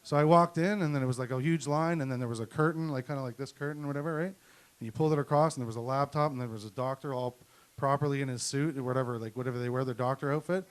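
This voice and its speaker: A man's voice: medium pitch, steady tone, racing. A middle-aged man from Canada doing a crude, profane stand-up set, ranting through his stories at a comedy night. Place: comedy night at a venue with an audience.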